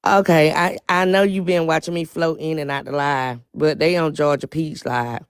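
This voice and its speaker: A woman joining a live stream to pass on news, speaking haltingly with many fillers. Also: sits low, steady tone, smooth, no echo, clean studio sound. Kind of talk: casual live-stream chat.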